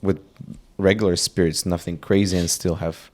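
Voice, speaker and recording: Low-voiced guy cohosting a chill podcast, kinda roundabout when he explains stuff. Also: steady tone, normal speed, darkish tone. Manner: easygoing, agreeable, explains in a roundabout way. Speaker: podcast co-host. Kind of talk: casual chat.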